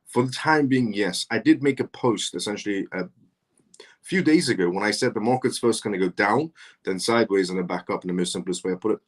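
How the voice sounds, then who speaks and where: Male live-stream host, lower voice, casual chat, repeats greetings to each viewer. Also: brisk. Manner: repetitive greetings, conversational.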